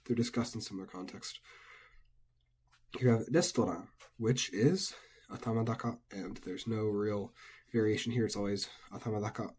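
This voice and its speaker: A man casually and methodically explaining Japanese pitch accent word by word as a language teacher. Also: normal speed, a little mellow, husky.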